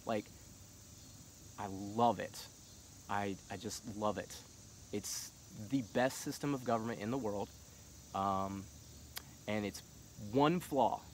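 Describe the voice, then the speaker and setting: This political monologue comes from a middle-aged male vlogger whose voice sits on the low side; he goes slowly and pauses often, over a faint hiss or hum. Casual and stuffed with fillers, his passion builds until he's shouting heatedly.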